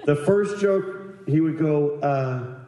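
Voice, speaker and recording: A man with a slightly high voice spins a crude, rambling comic story in casual chat. He keeps jumping into loud put-on voices for the people in it. The sound bounces around a very echoey room. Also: takes it slowly. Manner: rambling, profane, acts out other people's lines with big voice jumps.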